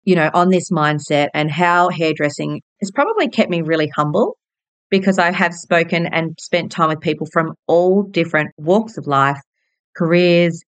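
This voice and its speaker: Australian woman, forties, podcast host, bubbly, candid, casual swearing, lowish voice. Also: dry recording. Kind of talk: personal storytelling monologue.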